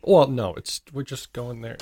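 A man's voice: mid-range voice, measured pace, warm tone. A man co-hosting a podcast with his wife, easygoing and teasing in casual chat. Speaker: podcast co-host.

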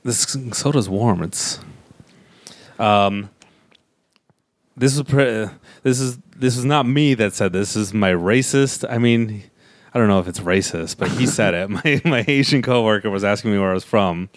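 Young guy from utah, low-ish voice, loose jokey rambling, dry room. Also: moderate pace, no echo. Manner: laid-back, joking, trails off and restarts. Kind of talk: casual chat.

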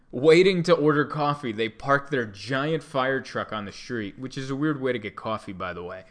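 A male comedian host telling an animated, exasperated story in a comedic monologue. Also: medium pitch.

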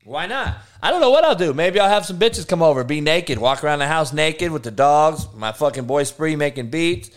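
A fairly high-voiced man hosts a loose online talk show. He rants in a heated, foul-mouthed way, firing insults straight at trolls in his chat. His tone is brash and confrontational throughout. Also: lively intonation, normal speed, few pauses. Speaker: show host. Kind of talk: profane ranting talk show.

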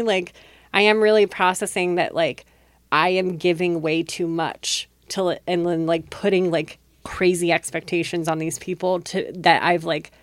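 A woman's voice: fairly low pitch, fairly even intonation, normal speed, dry recording, clean studio sound. A woman in her thirties hosting a podcast, telling a personal story in casual chat, rambling, full of "like" and frequent laughs. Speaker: podcast host.

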